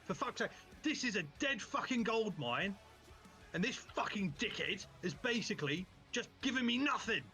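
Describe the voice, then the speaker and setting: Man voicing a shouting, swearing bandit chief. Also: high-pitched, big pitch swings, normal speed, soft background music, pitched above the performer's own voice, heavily acted. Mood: exasperated. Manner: swears constantly, shouts in a raised voice. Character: foul-mouthed, exasperated male bandit chief.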